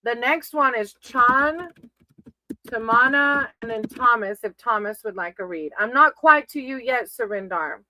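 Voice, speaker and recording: A woman's voice: on the high side, measured pace, bright, forceful tone, no echo, poor audio. A woman giving casual live-stream tarot readings, chatty and affectionate, calling her viewers sweetie and baby. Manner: chatty, reads names off a list.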